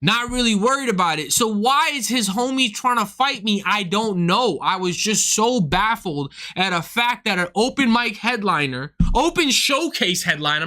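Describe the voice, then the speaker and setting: His voice sits high, moving at a moderate pace with few pauses, as a young man streams from home. He acts out both sides of a story, retelling it in an animated, casual, profane and incredulous way.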